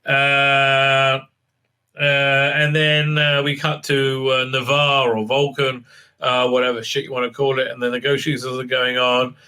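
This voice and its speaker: A man's voice: mid-range voice, level tone, a little slow, sharp tone, clear, resonant tone. A man from Israel giving a casual, rambling recap of a TV episode, full of fillers and restarts, with a sarcastic edge. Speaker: TV show reviewer. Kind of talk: casual recap with mocking impressions.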